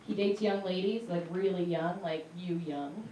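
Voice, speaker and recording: A woman performing a stand-up set with wry, deadpan asides. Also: on the low side, normal speed, slight background noise. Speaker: stand-up comedian. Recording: echoey stage mic heard from a distance with a loud crowd. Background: audience laughter.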